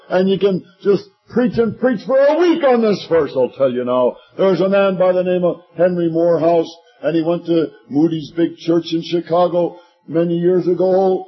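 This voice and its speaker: A man in his sixties preaching a sermon, swinging from hushed, drawn-out words to shouting. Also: on the high side, breathy edge, muffled recording. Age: 60s.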